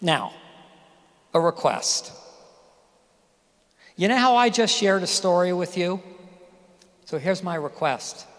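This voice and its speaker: A man's voice: high-pitched, expressive, takes it slowly, pauses often, a bit bright. A man giving a commencement speech, telling stories and asking the audience questions. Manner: storytelling, addresses audience directly with questions. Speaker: commencement speaker. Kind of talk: graduation speech. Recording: reverberant hall.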